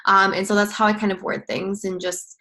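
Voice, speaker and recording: A woman's voice: medium pitch, little pitch movement, brisk, sharp tone, low-quality recording. A woman coaching others on sales follow-up in a casual screen-share training, bubbly and gushing as she acts out chats with clients.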